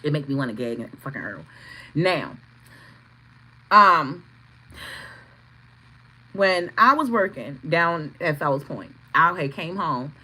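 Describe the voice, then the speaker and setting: Middle-aged woman, crisp and bright tone, swears freely, casual live-stream storyteller. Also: low-pitched, sing-song, takes it slowly, pauses often, low-quality recording. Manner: profane, blunt, laughing storyteller; greets chat viewers by name. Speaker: tarot reader streaming live.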